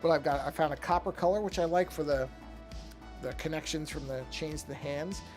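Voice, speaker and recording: A man's voice: a little high, brisk, darkish tone, soft background music. A middle-aged man chatting casually on a live art stream as he paints, thinking aloud with many restarts and yawning now and then. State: yawning often. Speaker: artist streaming his work.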